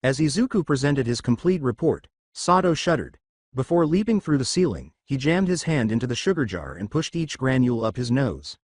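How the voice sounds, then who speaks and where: A man narrating a fan fiction story in a scripted, expressive storytelling manner. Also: mid-range voice, no echo, clean studio sound.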